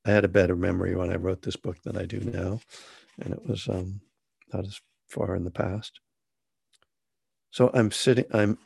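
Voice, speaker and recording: Very gravelly, low-voiced man. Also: a little mellow, no echo. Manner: rambling, self-deprecating, many fillers and restarts. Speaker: author. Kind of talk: casual personal storytelling.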